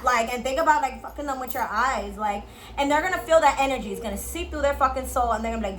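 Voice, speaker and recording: A woman vlogger giving a casual tutorial straight to camera. She is playful and blunt, swears a lot and uses slang, and at times drops into a low, slow sultry voice to demonstrate. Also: a bit bright, a little hiss or hum, low-quality recording. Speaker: beauty and lifestyle vlogger.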